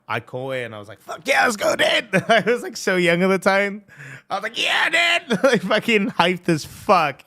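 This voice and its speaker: A young man chatting casually as a streamer, excitable and swearing a lot, with plenty of fillers. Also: fairly low pitch. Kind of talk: casual chat.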